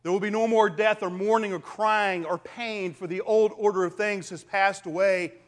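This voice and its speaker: A man preaching a sermon as a pastor, swinging from hushed whispers to loud, emphatic declarations. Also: sits high, steady tone, normal speed. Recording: long reverb of a large hall.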